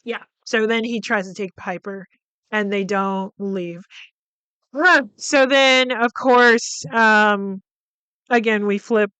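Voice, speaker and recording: Woman, podcast host, casual film recap, profane, clear voice, dry close sound. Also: medium pitch, takes it slowly, no room sound. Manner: profane, animated retelling with many fillers.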